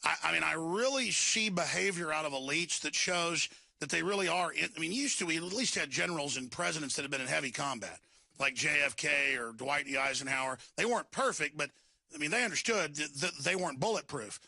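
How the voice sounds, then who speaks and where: Gravelly bright-voiced host guy, emphatic and alarmed, dry close sound. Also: fairly high pitch, fairly quick, dry recording. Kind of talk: interview.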